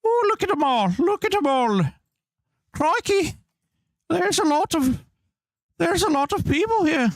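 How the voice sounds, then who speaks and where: A man putting on a deliberately bad, exaggerated accent in a squeaky high voice while streaming a game. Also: very animated, dry recording, studio quality, full character voice. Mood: excited. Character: cheery man in an overdone fake accent.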